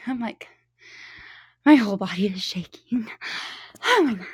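A woman's voice: sits high, very animated, measured pace, long pauses, husky, dry recording, clean studio sound. A woman talking in an intimate improvised audio, whispery and giggly, hesitant and fumbling for words.

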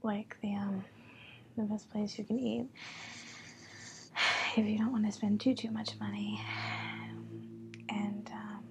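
A woman of twenty-one, tipsy, rambling in a soft whisper as a whispered role-play, with giggles and many pauses. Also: medium pitch, level tone, gravelly, noisy background. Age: 20s.

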